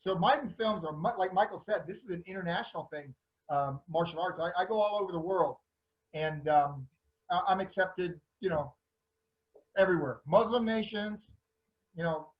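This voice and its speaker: A man with a Southern accent and a notably high voice, chatting in an animated way with the odd laugh. His sound comes through a video call and is somewhat muffled. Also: moderate pace. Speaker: panelist, martial arts actor. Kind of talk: casual panel talk.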